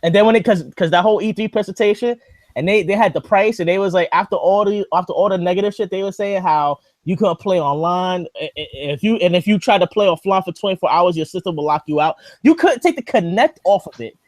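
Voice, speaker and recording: A man's voice: high-pitched, quick pace, no echo, clean studio sound. A man hosting a podcast in casual chat, ranting animatedly and swearing freely, describing himself as skeptical and paranoid. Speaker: podcast host.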